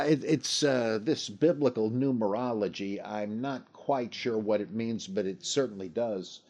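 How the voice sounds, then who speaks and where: Low-voiced man musing aloud, dry recording. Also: vocal fry, dry recording. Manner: halting, thinking aloud with many fillers. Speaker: podcast host answering listener questions. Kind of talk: casual talk, reading scripture and listener mail.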